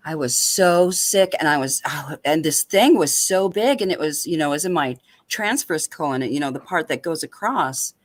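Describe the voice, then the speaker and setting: A woman with a lowish voice tells a personal story with lively, animated energy. Her delivery is casual and expressive. The sound is dry and close, with no room echo. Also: normal speed, hardly any pauses. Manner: lively, animated retelling with laughter. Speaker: open mic guest.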